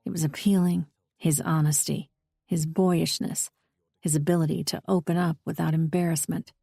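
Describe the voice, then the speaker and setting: A woman reading a first-person audiobook novel in a steady, intimate way. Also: deep voice, moderate pace, vocal fry, slightly rough, no room sound, clean studio sound. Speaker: audiobook narrator. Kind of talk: scripted first-person narration.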